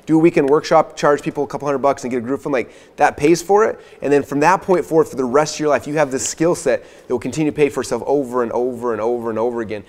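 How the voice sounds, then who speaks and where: Male co-presenter, earnest pitch, rapid-fire delivery; recorded with a long room reverb. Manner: earnest, speaks to viewers directly. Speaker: course co-presenter. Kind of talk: persuasive sales pitch. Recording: long echo of a large room.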